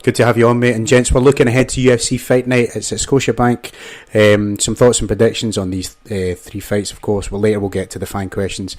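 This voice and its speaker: A man's voice: fairly low pitch, flat delivery, fairly quick, few pauses, a little mellow. A man hosting a casual panel show, reading sponsor spots and calling his guests mate. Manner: chummy, calls guests mate and amigo. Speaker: podcast host.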